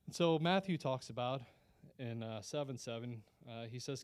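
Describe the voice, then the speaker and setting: A man with a mid-range, slightly mellow, clean-toned voice tells his story at a moderate pace. He's the guest at a Christian lunch gathering, giving an earnest, conversational testimony that often starts over.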